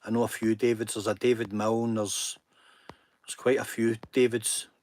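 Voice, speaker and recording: On a casual live stream, a Scottish host chats sincerely and pokes fun at himself. His voice is on the low side and a little mellow, with little pitch movement and a moderate pace.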